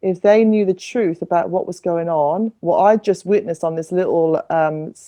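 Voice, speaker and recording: A woman's voice: lowish voice, normal speed, warm tone. A middle-aged woman telling her story as a podcast guest, earnest and full of restarts. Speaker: singer-songwriter and refugee advocate, podcast guest. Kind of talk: conversational podcast interview.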